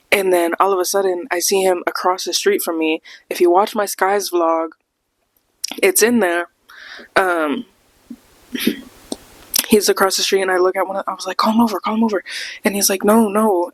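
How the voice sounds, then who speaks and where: A young woman with a fairly low voice hosts a podcast, telling a casual storytime full of laughter and acted-out quotes. She's animated throughout, and the recording is dry.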